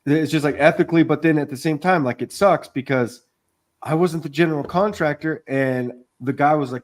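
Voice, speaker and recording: A man's voice: a little high, a little fast. A man in casual podcast chat, telling a long job-site story in a rambling way, swearing often and acting out what people said. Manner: rambling storytelling, swears a lot, acts out quotes. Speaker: podcast co-host, contractor.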